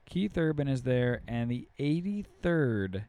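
Man, mid pitch, podcast host, easygoing, casual chat. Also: big pitch swings, slow pace, mellow, no echo. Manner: easygoing, laughs often, runs through nominee lists.

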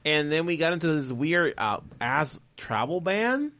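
A man with as his tells a long, rambling story in casual chat, swearing freely and jumping into other people's voices. His voice sits a little high for a man. He keeps the tale rolling with plenty of "like" and "yeah.". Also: very animated, a little slow, bright, forceful tone. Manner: profane, rambling, acts out quoted voices. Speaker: podcast guest telling stories.

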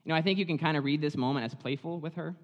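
A man preaching in a chatty, animated way, dramatizing the story as he goes. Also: fairly high pitch, very fast, in a large hall, lo-fi sound. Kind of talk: sermon, conversational Bible storytelling.

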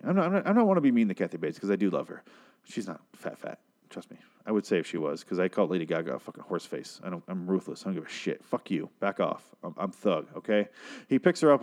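A man's voice: fairly low pitch, a little mellow. A young man recapping a TV episode in casual, rambling commentary, sarcastic and swearing freely. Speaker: show recapper.

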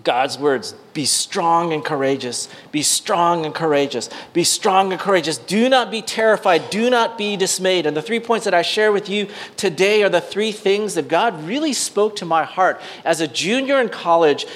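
A middle-aged man preaches a sermon as a pastor, his voice sitting a touch higher than most men's. He tells a personal story full of restarts and fillers, rising into excited bursts and dropping to a hush. A faint hum of room ambience sits behind him. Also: moderate pace, hardly any pauses.

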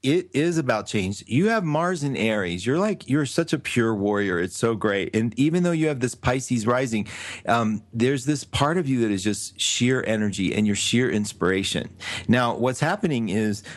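A man hosting a live call-in radio show, chatty and effusive, breaking into quick laughs. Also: mid-range voice, expressive, no room sound.

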